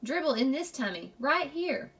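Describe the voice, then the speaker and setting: A woman voicing a mischievous toddler boy in a children's book read-aloud, speaking in high, clipped baby talk. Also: sing-song, moderate pace, a bit bright, recorded from a distance, full character voice. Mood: gleeful. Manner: high babyish clipped words.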